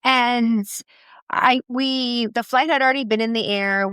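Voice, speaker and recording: A middle-aged woman co-hosting a podcast, telling a story in casual chat with many restarts and halting repeats. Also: on the high side, steady tone, a bit bright, smooth, no room sound. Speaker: podcast co-host.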